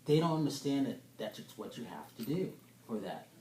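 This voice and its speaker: An enthusiastic male interviewer who talks quickly in a mellow, warm tone. The room sounds roomy around him. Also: medium pitch, sing-song, slight background noise. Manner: enthusiastic, talkative. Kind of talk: casual interview.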